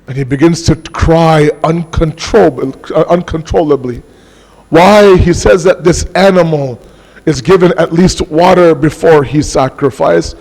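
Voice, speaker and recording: A man giving an impassioned mourning sermon as a majlis speaker, slowing his words for emphasis. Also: on the high side, gravelly, darkish tone. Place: large mosque hall. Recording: long mosque hall reverb.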